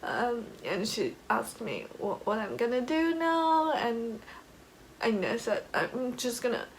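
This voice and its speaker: A young woman from China tells a personal story straight to the camera, slowly and a little high-pitched. She gets emotional, laughs often and leans on fillers. A faint hiss sits under her voice. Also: big pitch swings, low-quality recording. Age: young adult. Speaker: vlogger.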